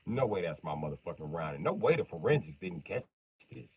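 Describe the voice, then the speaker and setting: Man putting on a gruff veteran sniper. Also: deep voice, sing-song, fairly quick, darkish tone, pitched below the performer's own voice, exaggerated voice. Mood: menacing. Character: gruff veteran male sniper, cold and vengeful.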